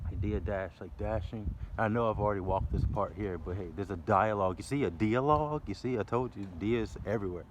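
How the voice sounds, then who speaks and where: Male vlogger, low voice, playful free-associating ramble, outdoors with faint traffic noise. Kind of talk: rambling walk-and-talk wordplay musings. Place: outdoors by a library building near traffic. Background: passing cars and city sounds.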